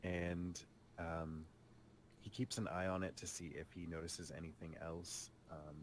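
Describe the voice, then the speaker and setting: A man's voice: sits low, little pitch movement, measured pace, a little hiss or hum. A man playing a tabletop game, hesitantly describing what his character does, with many ums. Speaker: player.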